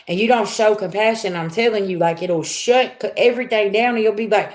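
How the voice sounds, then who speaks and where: A woman's voice: medium pitch, moderate pace, few pauses, a little mellow. Chatty woman tarot reader, roomy echo. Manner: chatty, talks straight to viewers, frequent "okay?" and "y'all". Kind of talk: casual tarot reading to viewers.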